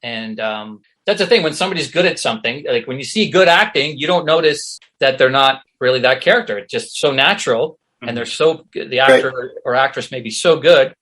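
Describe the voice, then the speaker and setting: A man's voice: medium pitch, fairly quick, few pauses. A middle-aged man from Canada, a guest actor and comedian, telling casual anecdotes and acting out the voices of the people he quotes. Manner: animated storyteller who acts out quoted voices.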